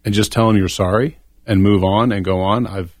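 A man's voice: fairly low pitch, steady tone, fairly quick, no echo. A middle-aged man talking earnestly and reflectively on a faith-based discussion show.

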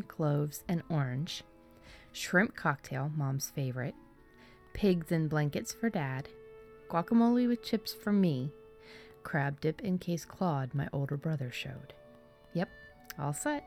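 A woman reads a first-person ghost story in a low, unhurried voice. Faint music plays softly beneath her narration. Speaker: story reader. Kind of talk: scripted narration.

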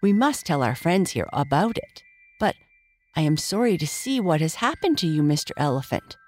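A woman's voice: sits low, moderate pace, slight background noise. Woman voicing a kindly rocking horse. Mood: concerned. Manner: warm, excitable, exclaiming. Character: kindly male white rocking horse toy.

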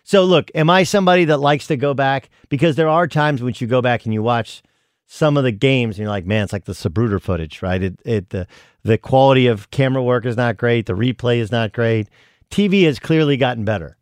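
A man's voice: mid-range voice, fairly quick, clean tone, dry recording, studio quality. A middle-aged man co-hosting a sports radio show, chatting casually and rambling with many restarts. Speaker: guest co-host, college basketball analyst.

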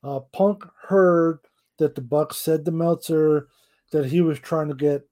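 A man's voice: a little high, fairly even intonation, a little slow, mellow. A middle-aged man co-hosting a casual wrestling podcast, blunt and emphatic, swearing freely. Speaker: podcast co-host.

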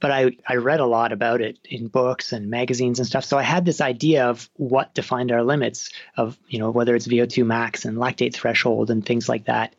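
In a dull, dry recording, a mid-range male voice with a Canadian accent belongs to an author being interviewed. He chats casually, often breaking off and restarting his sentences.

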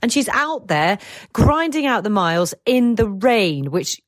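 A woman in her forties co-hosting a podcast, friendly and brisk as she moves between topics. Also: mid-range voice, very animated, no room sound, studio quality. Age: 40s. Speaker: podcast co-host. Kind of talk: casual podcast chat.

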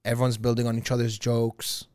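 A man's voice: medium pitch, completely flat delivery, a little fast, darkish tone, dry recording, studio quality. A man, co-hosting a podcast in an easygoing chat and swearing now and then. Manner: easygoing, laughs often, swears casually. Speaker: podcast co-host. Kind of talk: casual chat.

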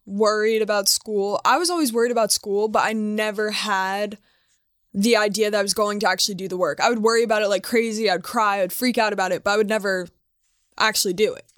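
A woman's voice: medium pitch, steady tone, fairly quick, dry recording, studio quality. A young woman in casual chat, teasing and rambling.

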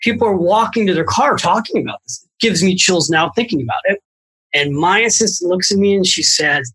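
A middle-aged man, a financial author and podcast guest, tells anecdotes in a lively way with quick asides. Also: high voice, slightly rough, rough recording. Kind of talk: storytelling in a podcast conversation.

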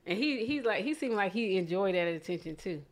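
A woman co-hosting a podcast, chatting casually in a loud, playful, storytelling way. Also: mid-range voice, lively intonation, brisk. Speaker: podcast co-host. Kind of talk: casual chat.

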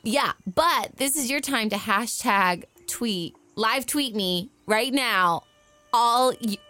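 A woman's voice: a little high, takes it slowly, bright, forceful tone, dry recording. A woman player in a tabletop game podcast, talking playfully and animatedly while she has the hiccups. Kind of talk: reading an in-character letter, then casual chat.

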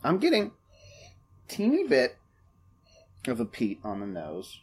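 A man co-hosting a casual whiskey tasting, laid-back, giving measured tasting notes. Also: medium pitch, wildly swooping pitch, darkish tone, a little hiss or hum. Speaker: podcast co-host.

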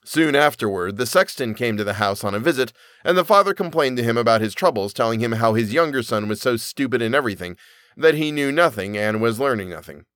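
A man narrating a fairy tale in an animated storybook reading. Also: medium pitch, a little fast, dry recording, clean studio sound.

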